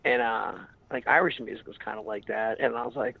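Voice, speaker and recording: A man's voice: mid-range voice, fairly even intonation, brisk, gravelly, breathy edge, no echo, phone-quality sound. A man casually telling a rambling story in an interview, full of fillers and acted-out quotes. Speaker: musician guest.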